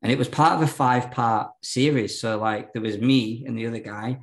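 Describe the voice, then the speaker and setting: A man's voice: medium pitch, a little fast, rough recording. A man, a podcast guest telling his story candidly, rambling with lots of fillers and restarts.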